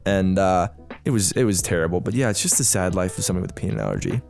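Young male podcast co-host, lowish voice, chatty and fed-up, faint music under. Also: racing, creaky, a little mellow. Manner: storytelling, exasperated, swears casually. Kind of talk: casual chat.

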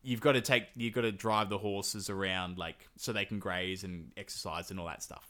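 A man, casually retelling a folk tale on a comedy podcast, rambling, swearing, and slipping into quick silly voices for the characters. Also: low voice, steady tone, sharp tone.

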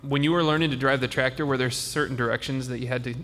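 A man's voice: medium pitch, fairly even intonation, fast talker, fairly bright tone, long reverb tail. A man hosting a podcast, chatting with children and asking them friendly, teacherly questions. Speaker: podcast host. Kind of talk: casual chat with children.

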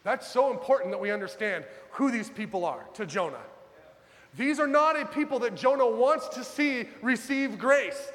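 A man preaching a sermon as pastor, dramatic, swinging from loud urgent pleas to hushed low lines. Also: lively intonation, normal speed, big-room sound.

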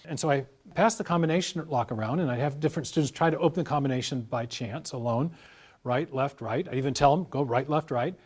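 A middle-aged man talking at length in an interview, in a measured, explanatory way, walking through illustrative stories. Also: medium pitch, a little mellow, slightly rough. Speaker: guest scholar.

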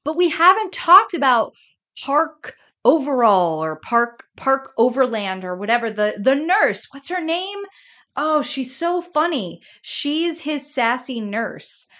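Woman, podcast co-host, casual and lively, quick laugh, relays scenes by quoting characters. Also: sits high. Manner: animated, laughs often, quotes characters. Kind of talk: casual chat.

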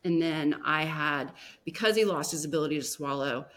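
A woman appearing as a podcast guest tells a personal story softly and emotionally, with many pauses and restarts. Her voice sits low.

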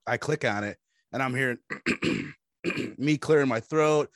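A young man hosting a podcast, telling stories in animated casual chat and calling people "bro" and "dude". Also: medium pitch, measured pace, gravelly, dry recording, clean studio sound. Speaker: podcast host.

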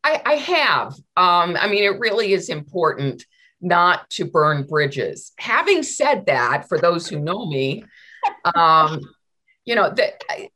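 A middle-aged woman, a law professor, telling stories in a conversational interview, animated and full of restarts. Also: lowish voice, slow. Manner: animated, many restarts and repeated words.

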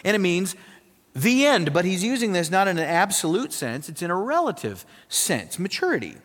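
A man with a notably high voice preaching in a church sanctuary, his words trailing off into a long, ringing reverb. He delivers the sermon with animated emphasis, pressing the congregation with rhetorical questions. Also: moderate pace. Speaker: pastor. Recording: long reverb of a large hall.

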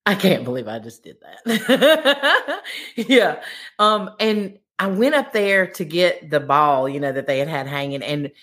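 A middle-aged woman tells a rambling story on a podcast. Her voice sits low but swings widely in pitch. She laughs often and acts out the lines other people said. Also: very animated, a little slow, a bit bright. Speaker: podcast guest, baking competition winner. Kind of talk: casual storytelling chat.

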